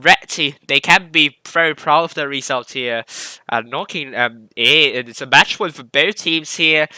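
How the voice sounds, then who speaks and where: Male esports caster, very bright voice, dead dry close mic, loose rambling play-by-play. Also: a little high, clear, resonant tone, no echo. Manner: rambling, self-correcting play-by-play with hiccups. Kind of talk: live game commentary.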